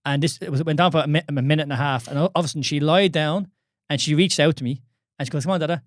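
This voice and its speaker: A man's voice: fairly high pitch, quick pace, no room sound, studio quality. A man in his thirties with an Irish accent, co-hosting a casual podcast, candid and swearing often with many restarts. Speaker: podcast co-host.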